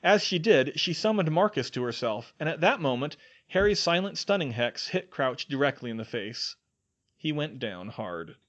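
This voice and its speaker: A man narrates a story expressively, with a bright voice that rises and falls a lot. The recording is lo-fi and somewhat dull. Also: mid-range voice. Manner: expressive, voices each character. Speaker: fan fiction reader. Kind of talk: audiobook narration. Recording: dull lo-fi sound.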